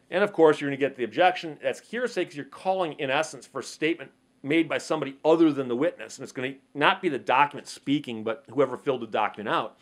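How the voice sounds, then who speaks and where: A man's voice: mid-range voice, fast. A man commentating on the law in a conversational monologue, asking rhetorical questions and acting out short courtroom exchanges. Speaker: legal commentator. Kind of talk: explanatory monologue to camera.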